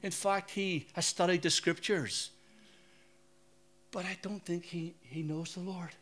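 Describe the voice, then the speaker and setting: Northern Irish preacher, conversational. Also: male voice, high-pitched, fairly even intonation, a little slow, fairly bright tone. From Northern Ireland. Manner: conversational, anecdotal, asks the audience questions. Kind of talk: sermon with personal stories.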